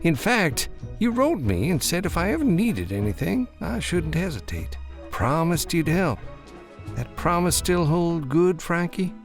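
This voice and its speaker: A man's voice: on the high side, big pitch swings, measured pace, faint music behind, voice pushed up. A man voicing a brash American former soldier with a drawl, jovial and needling in an audiobook. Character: brash old American army buddy, male.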